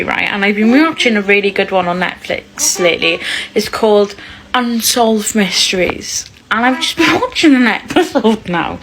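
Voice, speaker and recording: A woman's voice: a little high, a bit bright, slight background noise, poor audio. A woman ranting casually to her phone camera, incredulous and mocking, swearing freely.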